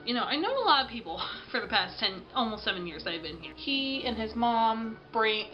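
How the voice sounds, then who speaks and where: A woman vlogger with a higher voice tells a story in a rambling, chatty way, full of fillers, sounding sniffly and tired. The recording has its highs cut off, and the talk is casual storytelling.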